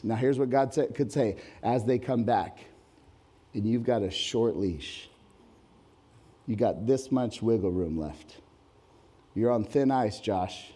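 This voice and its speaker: A man delivering a sermon to a congregation in a church hall. His voice is mellow and dark in tone. His delivery is animated, swinging from quiet asides to loud, high-pitched reading of scripture. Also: slow pace, long pauses, breathy edge. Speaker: pastor.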